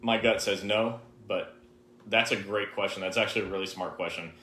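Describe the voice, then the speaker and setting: A man co-hosts a live question-and-answer stream, his voice sitting on the low side. He gives direct, emphatic advice and repeats key points. The room around him rings with echo. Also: fairly even intonation, a little fast, bright, forceful tone. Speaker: co-host answering viewer questions. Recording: roomy, echoey live stream.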